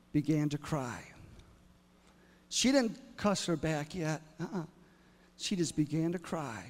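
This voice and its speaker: A male preacher telling a story in a sermon, building to loud exclamations. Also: high voice, in a large hall.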